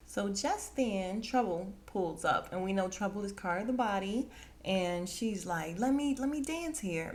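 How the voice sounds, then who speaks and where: A woman hosting a podcast, casually recapping a TV episode and acting out the characters' lines with lively, expressive delivery. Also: lowish voice. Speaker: podcast host.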